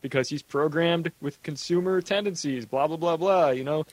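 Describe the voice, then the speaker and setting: A man's voice: on the high side, moderate pace, dry recording. A man co-hosting a casual movie commentary podcast, rambling and joking, swearing freely. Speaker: podcast co-host.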